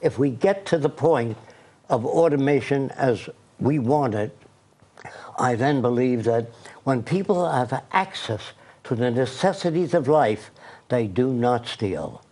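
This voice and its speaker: Older man, interview guest, lecturing, insistent, middle pitch. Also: animated, unhurried, a little mellow. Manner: insistent, lecturing, tells anecdotes. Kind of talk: radio interview.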